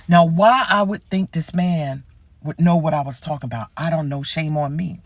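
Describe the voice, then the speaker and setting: A woman who works as a medical receptionist, telling a story in a casual, animated, wry way and swearing freely. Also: deep voice, normal speed, dry recording.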